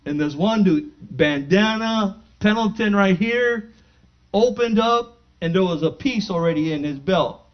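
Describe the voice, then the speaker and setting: A man giving a spoken testimony in church, animated and acting out the dialogue as he tells it. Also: sits high, unhurried. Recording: dull lo-fi recording.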